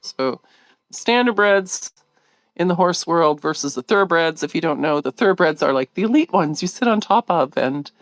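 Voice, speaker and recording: A middle-aged woman hosting a live video, telling a story in a casual, animated way, laughing often and acting out what others said. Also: on the low side, normal speed, dry recording. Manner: animated, laughing, acts out quoted voices.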